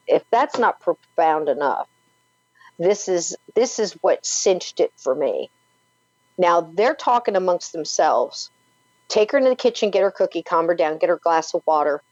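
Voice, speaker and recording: Brief: woman guest, lowish voice, vivid storyteller with lots of "like", dull dry lo-fi recording. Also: no room sound. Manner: vivid, animated retelling full of "like" and "you know". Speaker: paranormal podcaster and author, guest. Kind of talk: storytelling in an interview.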